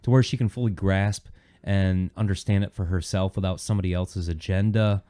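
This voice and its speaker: A man's voice: sits low, fairly even intonation, brisk, mellow. A man hosting a podcast, chatting casually and telling a story in a rambling way, with many "you know"s. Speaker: podcast host. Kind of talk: casual chat.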